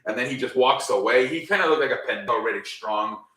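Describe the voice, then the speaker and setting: A man's voice: medium pitch, fast talker, pushed and bright. A man casually recapping a wrestling show, rambling with lots of fillers and swearing freely. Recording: roomy, mic at a distance.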